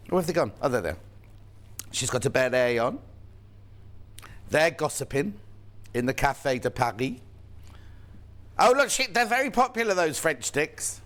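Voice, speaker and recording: A man's voice: medium pitch, a bit bright. A man presenting a live shopping channel show, chatty and playful, reading out viewers' messages. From United Kingdom.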